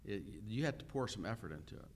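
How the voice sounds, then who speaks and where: Male pastor, lower voice, unhurried conversational sermon with many pauses. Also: animated, a little hiss or hum. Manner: unhurried teaching with frequent "uh" pauses; conversational, asks the listeners questions.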